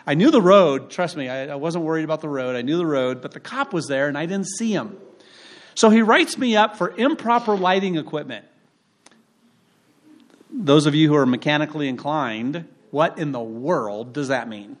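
A man's voice: on the high side, lively intonation, moderate pace. A male pastor preaching a sermon in a conversational, humorous storytelling way. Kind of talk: sermon with personal stories. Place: church.

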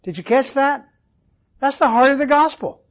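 Man, Bible teacher, high voice, asks the class questions, repeats the key points. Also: normal speed, rough recording. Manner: quizzes listeners with questions, repeats key words. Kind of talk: interactive Bible study teaching.

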